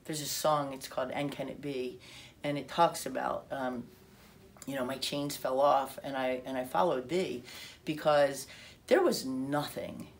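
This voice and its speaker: A woman telling her personal testimony in an animated way, acting out quotes and restarting her sentences often. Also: extremely low pitch. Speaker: speaker sharing a personal testimony.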